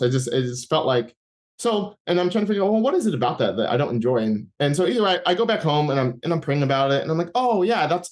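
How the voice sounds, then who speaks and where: A young man giving an interview, telling a personal faith story in a casual, halting way full of fillers, restarts and acted-out inner dialogue. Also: medium pitch. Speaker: interview guest. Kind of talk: personal testimony in casual conversation.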